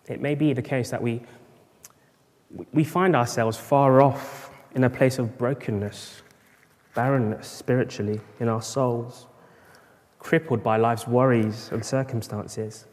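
Preacher in an echoing hall. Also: male voice, medium pitch, fairly even intonation, a little slow, darkish tone. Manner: rhetorical, builds up in bursts of emphasis. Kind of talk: sermon. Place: church at a morning service. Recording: long reverb of a large church hall.

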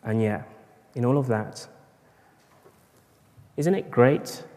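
A man's voice: mid-range voice, animated, slow pace, darkish tone. A man preaching a sermon at a morning church service, rhetorical, with bursts of emphasis. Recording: long reverb of a large church hall.

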